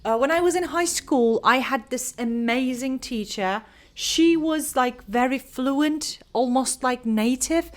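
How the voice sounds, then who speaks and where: A young woman from Turkey, whose voice sits high, teaches English to the camera. She gives an unhurried pronunciation lesson, explaining each word with example sentences.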